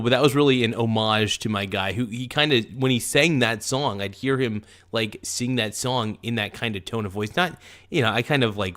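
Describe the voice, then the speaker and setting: A man's voice: on the low side, a bit bright. A man hosting a casual livestream, rambling and chuckling in a loose, jokey way. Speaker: livestream host.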